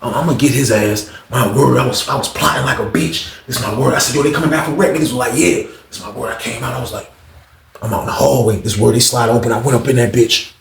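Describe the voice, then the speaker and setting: A young man telling a story in a casual, animated and profane way, acting out the dialogue. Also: medium pitch, quick pace, creaky. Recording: roomy echo.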